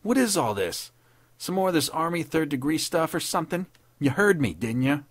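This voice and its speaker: A man's voice: on the low side, animated, a little fast. A man voicing a furtive street hoodlum turned soldier, cocky and defiant in his talk.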